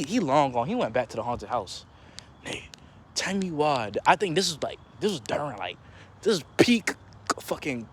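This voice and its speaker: Animated young man telling a story. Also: slight background noise. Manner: animated, slangy, acts out quotes in a higher voice. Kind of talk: casual storytelling.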